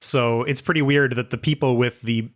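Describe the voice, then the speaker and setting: A man's voice: medium pitch, steady tone, moderate pace. A man hosting a podcast, laying out his points step by step in a casual discussion. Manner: analytical, lays out points step by step. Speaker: podcast host.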